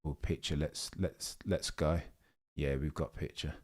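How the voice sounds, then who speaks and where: A man's voice: rumbling low, fairly even intonation, a little slow. A young man hosting a live watchalong stream, chatting casually and answering viewers' messages. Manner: chatty, reads chat messages aloud and answers them. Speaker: livestream host.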